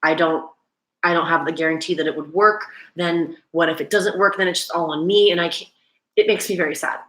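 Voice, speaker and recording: A woman's voice: on the low side, fairly even intonation, fairly quick, a bit bright, roomy sound. A woman hosting a casual livestream, chatting and gushing with lots of "like" fillers.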